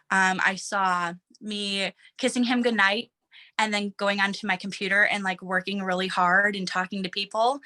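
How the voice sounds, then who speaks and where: Earnest, bright-voiced woman team leader. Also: mid-range voice. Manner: emotional and earnest, with restarts and small laughs. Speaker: team leader giving a motivational talk. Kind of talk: heartfelt motivational talk. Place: home office room.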